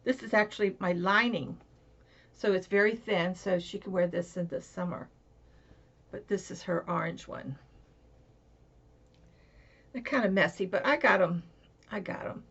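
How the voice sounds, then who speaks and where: A woman's voice: mid-range voice, moderate pace, breathy edge. A woman, possibly older, chatting casually on her crafting vlog, rambling with lots of fillers and restarts. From Florida. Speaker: crafting vlogger. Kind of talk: casual chat. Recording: dull lo-fi home recording.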